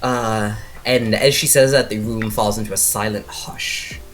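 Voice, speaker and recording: A man's voice: on the low side, fairly even intonation, measured pace, fairly bright tone, faint music behind. A man narrating as game master of a tabletop horror game, casual and rambling with many fillers.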